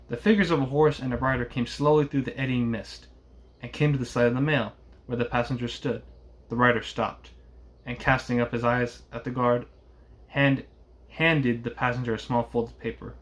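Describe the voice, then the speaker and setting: A man reading a classic novel aloud in a steady voice, with occasional small slips. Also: medium pitch, normal speed. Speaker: reader.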